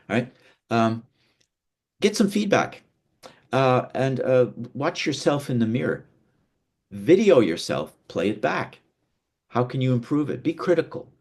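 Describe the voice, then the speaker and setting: A man from North America gives a lesson on presentation skills. His pitch swings widely as he demonstrates emphasis and keeps restarting phrases in an animated, teacherly way. He is seated indoors while he talks. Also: a little slow, pauses often, breathy edge. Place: seated indoors, away from a window.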